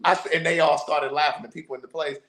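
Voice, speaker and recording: A man hosting a livestream, telling a family story in a casual, animated way, often repeating words. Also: a little high, quick pace. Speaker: livestream host. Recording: roomy echo.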